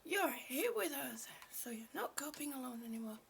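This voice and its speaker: A woman hosting a casual live stream, greeting viewers by name, short of breath and breathy, often dropping to a whisper. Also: high-pitched, lively intonation, moderate pace, a little hiss or hum. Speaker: livestream host.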